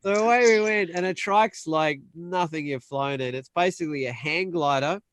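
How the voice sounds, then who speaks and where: A young man telling a long, animated story in casual chat, acting out the other people's voices. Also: fairly high pitch. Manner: animated storyteller, acts out quoted voices, quick bursts. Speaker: panel guest.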